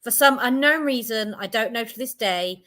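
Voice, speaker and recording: Woman, bright voice, laughs easily, relaxed guest chat. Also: on the high side, moderate pace. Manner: giggly, easygoing. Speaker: guest, medium and holistic therapist. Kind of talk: casual chat.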